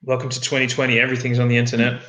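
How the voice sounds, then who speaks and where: Bright-voiced man in an echoey room. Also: mid-range voice, monotone, rapid-fire. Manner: rambling, frequent restarts. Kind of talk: casual chat on a video call.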